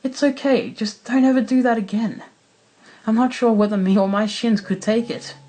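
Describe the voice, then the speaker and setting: A man voicing a large, kindly police officer who jokes gently in a storybook reading. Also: high-pitched, steady tone, normal speed, faint music behind, pitched above the performer's own voice, rough recording.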